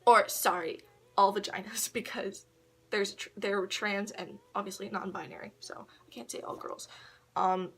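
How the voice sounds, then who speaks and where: A woman's voice: medium pitch, fairly even intonation, normal speed, a bit bright, breathy edge. A woman telling a personal story to a camera propped on a tissue box in her bedroom, rambling and giggling, with lots of ums and likes. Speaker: vlogger.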